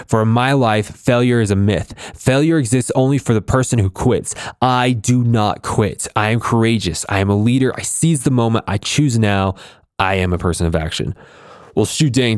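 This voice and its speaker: A man's voice: on the low side, a little mellow, no echo, clean studio sound. A man hosting a music production channel, reading motivational text aloud and talking with emphatic energy. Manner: fired up, emphatic. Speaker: host.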